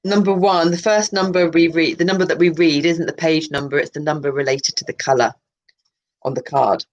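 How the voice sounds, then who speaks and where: A woman's voice: deep voice, fairly even intonation, brisk, dull audio. A woman reading a colour card list aloud as a channel host, drifting into musing, self-interrupting asides.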